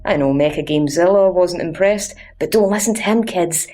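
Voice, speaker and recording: A woman's voice: on the low side, a little fast, dark tone, soft background music. A young Scottish woman narrating a scripted video game review in a sarcastic, crude and cheeky way.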